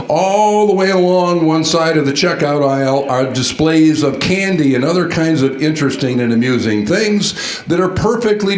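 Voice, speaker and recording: Animated male speaker in an echoey hall. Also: medium pitch. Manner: animated, quizzes the audience with questions. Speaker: conference speaker. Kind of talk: storytelling keynote talk. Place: large conference hall.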